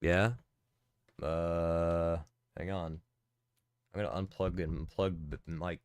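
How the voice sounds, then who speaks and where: A man's voice: low-pitched, flat delivery, slow pace, clean tone, no room sound. A man streaming a game, chatting casually, joking, swearing and laughing. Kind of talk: casual gaming stream chat.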